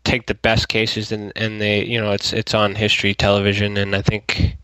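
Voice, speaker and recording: Guest, man from Canada, low and flat, smooth dry tone, halting delivery. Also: no room sound, low-quality recording. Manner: halting, many ums and restarts. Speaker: guest UFO investigator. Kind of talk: phone-in interview.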